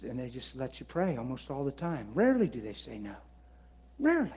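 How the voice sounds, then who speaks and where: A man preaching in an animated storytelling style, laughing and swinging between loud bursts and hushed asides. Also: medium pitch, fast talker, a little hiss or hum. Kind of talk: storytelling sermon.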